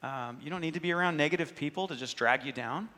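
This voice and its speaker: Man, pastor, sermon, bright tense voice, long hall reverb. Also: fairly high pitch, fast. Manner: earnest, conversational preaching with quoted inner dialogue.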